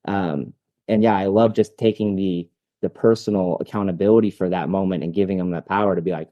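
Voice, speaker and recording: A man's voice: low voice, brisk, no room sound, highs cut off. A man, a dog trainer guest, talking casually and enthusiastically in an interview. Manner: enthusiastic, animated storytelling with laughs.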